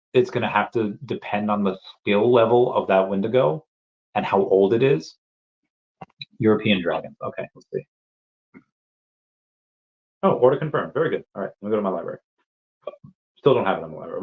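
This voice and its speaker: A man's voice: fairly low pitch, expressive, a little fast, long pauses. Rambling lo-fi livestream host, man. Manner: rambling, repeats words and restarts. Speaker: livestream host answering chat. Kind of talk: casual livestream chat.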